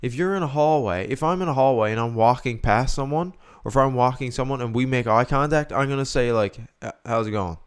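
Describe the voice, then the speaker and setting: A man's voice: medium pitch, quick pace, hardly any pauses, smooth. A young man co-hosting a podcast, chatting casually and opinionated, acting out the lines he quotes. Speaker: podcast co-host. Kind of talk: casual chat.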